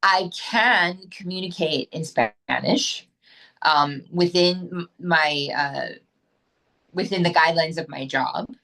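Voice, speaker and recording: A woman from the United States talks through an interview in a fairly low voice, candid and rambling, with plenty of fillers and restarts. She sounds like she's on a video call. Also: slow, vocal fry, bright, forceful tone, poor audio. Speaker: actress, interview guest. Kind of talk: casual interview chat.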